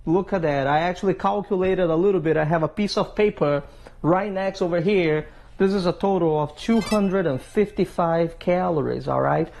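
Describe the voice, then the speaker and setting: A man's voice: high-pitched, vocal fry, a little mellow. A man with a Philadelphia accent chatting through a casual cooking vlog in his home kitchen, eating and savoring between lines. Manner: chatty, tags lines with "okay?" and "right?". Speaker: fishing vlogger.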